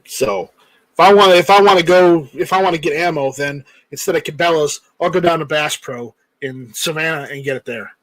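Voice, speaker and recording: A man with a high-pitched voice hosts a casual stream, reading out chat comments and going off on joking tangents. The sound is dry and close, with no room around it. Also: a little fast, a bit bright, no echo, rough recording. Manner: rambling, joking, reads viewer comments aloud. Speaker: livestream host reading chat.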